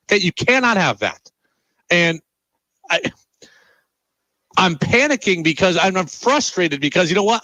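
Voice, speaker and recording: Man, sports radio host, high bright voice, exasperated, emphatic, dry studio sound. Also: no echo, rough recording. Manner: exasperated, emphatic, repeating his points. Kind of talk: sports talk radio monologue.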